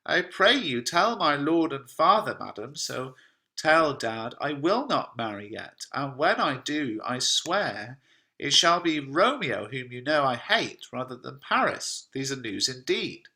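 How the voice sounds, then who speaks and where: A man's voice: medium pitch, big pitch swings, a little slow, bright, forceful tone, pitched above the performer's own voice, heavily acted. A man reading the lines of a defiant young girl who refuses to marry.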